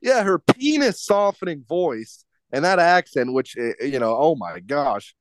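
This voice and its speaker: A man's voice: on the high side, sing-song, measured pace, no echo. A man co-hosting a podcast, ranting profanely in casual chat with lots of stumbling restarts. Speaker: podcast co-host.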